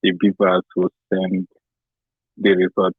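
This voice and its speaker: Deep-voiced male caller on a tinny phone. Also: unhurried, breathy edge, dry recording. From Canada resident. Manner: relaxed, friendly, chatty with many "you know". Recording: tinny phone line, dry.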